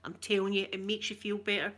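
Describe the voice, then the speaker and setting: A middle-aged woman with a Scottish accent talks fast in a flat, slightly bright mid-range voice. As an ASMR livestreamer reading viewer comments, she chats casually and rambles, laughing often and greeting her viewers by name.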